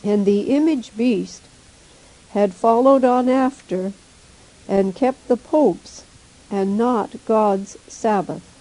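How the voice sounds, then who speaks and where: A woman giving a measured, solemn scripted reading of a religious vision account. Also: medium pitch, warm tone, rough recording.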